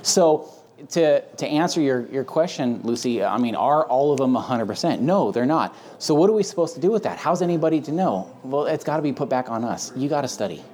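A man's voice: mid-range voice, expressive, brisk, darkish tone. Emphatic conversational male Bible teacher. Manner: emphatic and conversational, with frequent fillers. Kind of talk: casual teaching chat.

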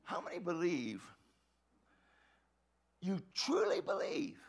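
Excitable, high-voiced preaching man. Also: takes it slowly, gravelly. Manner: excitable, swings from hushed to shouting; repeats words and restarts often. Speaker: pastor. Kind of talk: sermon.

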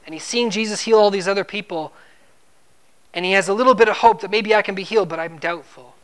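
A man's voice: high-pitched, fast, clean tone. Conversational male preacher asking questions. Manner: conversational, asks the listeners questions; repeats words when stressing a point. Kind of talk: expository sermon.

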